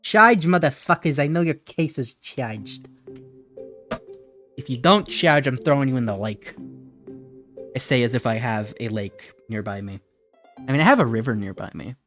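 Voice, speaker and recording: A loose, wisecracking streamer chatting to viewers while playing, swearing casually and cracking up at their own tongue-twisted lines. The voice sits at an ordinary middle pitch, with faint game music murmuring underneath, and now and then it slides into a hammy mobster accent. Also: animated, moderate pace, pauses often, fairly bright tone. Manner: joking, swears freely, laughs at own slips; slips into a put-on mobster accent. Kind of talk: casual live-stream chat.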